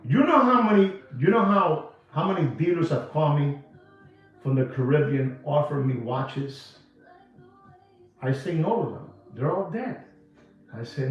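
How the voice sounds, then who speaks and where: A man's voice: on the high side, animated, unhurried. A man from New York giving a watch market rant to camera in emphatic, repetitive, slangy sales patter. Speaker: watch dealer. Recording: echoey, distant, dull sound with music.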